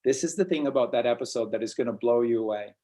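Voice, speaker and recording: A man's voice: mid-range voice, fast talker, warm tone. A man hosting a casual spiritual talk, rambling and often repeating words as he restarts sentences. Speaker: host.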